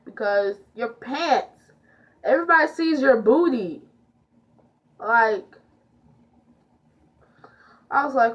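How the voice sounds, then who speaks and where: Teen girl, storytime vlog, fairly high voice, slow unhurried pace, dull lo-fi sound. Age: teens. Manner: chatty, filler-heavy, lively retelling. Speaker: vlogger. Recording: dull lo-fi audio.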